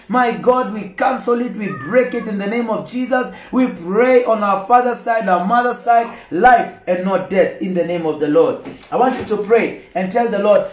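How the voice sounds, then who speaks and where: A man leading a fervent prayer session, repeating lines, shouting and speaking in tongues. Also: high-pitched. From Kenya. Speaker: prayer leader. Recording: echoey room with background music.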